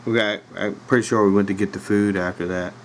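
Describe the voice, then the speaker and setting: A man's voice: lowish voice, fairly even intonation, quick pace, a little hiss or hum, low-quality recording. Laid-back rambling Virginia man. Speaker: podcast host. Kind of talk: casual storytelling. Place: home room with a dog nearby.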